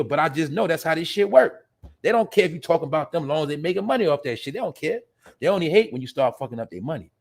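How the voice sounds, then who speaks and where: A man's voice: on the high side, lively intonation, quick pace, creaky. A man hosting an opinionated live-stream commentary, ranting and talking straight to his chat. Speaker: commentary show host.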